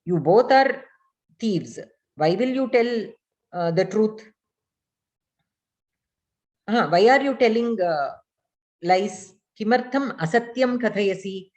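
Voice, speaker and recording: A woman of medium pitch teaching a language class. She reads each line aloud, then patiently repeats and translates it, checking in with her students as she goes. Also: animated, takes it slowly, pauses often, a little mellow. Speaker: Sanskrit teacher. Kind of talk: online class lesson, reading and explaining.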